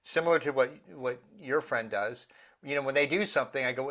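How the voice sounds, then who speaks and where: A middle-aged meditation teacher, a guest in a casual interview, speaks earnestly in a mid-range, slightly bright voice at a little fast pace. Now and then he acts out the voices of people he quotes.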